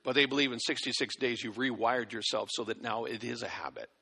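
A man's voice: medium pitch, a little fast, bright, forceful tone, husky. A male preacher giving a sermon, exhorting and folksy, with acted-out asides, in a church hall. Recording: long hall reverb.

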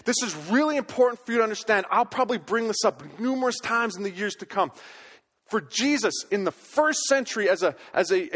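A man's voice: sits high, a bit bright. A man preaching a sermon as pastor, emphatic and stressing words by repeating them. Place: church sanctuary. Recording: long reverb of a large hall.

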